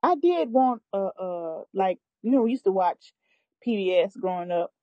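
A woman's voice: medium pitch, expressive, normal speed, no room sound, muffled recording. A woman in a casual chat, speaking hesitantly and searching for her words.

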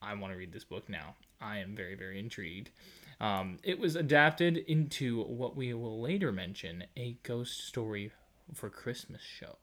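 A man's voice: lowish voice, lively intonation, normal speed, a bit bright. A man co-hosting a podcast in casual, playful chat, laughing often and breaking into jokey bursts. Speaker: podcast co-host.

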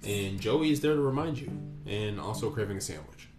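A woman's voice: a bass voice, animated, brisk, a little mellow, soft background music. A woman co-hosting a podcast, dropping wry quips in casual chat. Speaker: podcast co-host.

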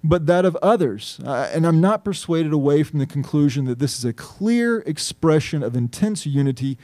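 Emphatic pastor with a dark, mellow voice. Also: male voice, a little high, animated, normal speed, no room sound. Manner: earnest, emphatic, thinking aloud with restarts. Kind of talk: sermon.

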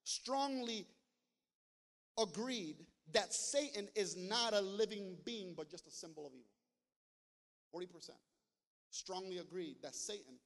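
A man preaching a sermon as pastor, talking straight to his congregation and building to loud, emphatic passages. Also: high-pitched. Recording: long hall reverb.

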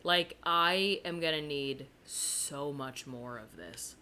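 A woman co-hosts a podcast in casual chat. Her voice is low and pointed, and she talks in an emphatic, gushing way. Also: takes it slowly, bright, forceful tone, a little hiss or hum. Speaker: podcast co-host.

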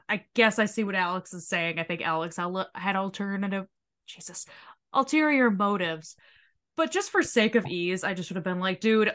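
A woman co-hosting a casual podcast, recapping a reality show in an animated, profane way and acting out quotes. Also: fairly low pitch. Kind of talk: casual chat.

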